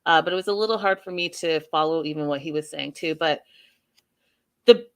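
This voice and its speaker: A woman's voice: low-pitched, a little fast, a bit bright, smooth. A woman from Canada hosting a casual TV recap, chatting directly to her viewers. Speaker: host.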